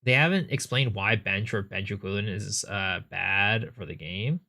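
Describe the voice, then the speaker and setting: A man's voice: fairly low pitch, moderate pace, vocal fry, bright, forceful tone. A man streaming live, chatting casually and thinking aloud as he answers viewer questions, with frequent restarts.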